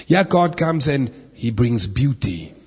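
A man gives a lively Bible lesson in a large hall, stopping to ask his listeners questions and tossing in playful asides. His voice sounds a little husky, and the sound rings with long reverb. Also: mid-range voice, takes it slowly. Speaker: preacher. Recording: echoey hall.

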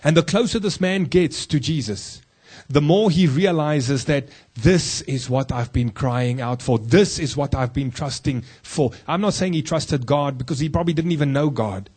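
Husky man preaching emphatically. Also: darkish tone. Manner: emphatic, rhetorical questions to the congregation, slows and drops low for key points. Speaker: pastor. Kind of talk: sermon.

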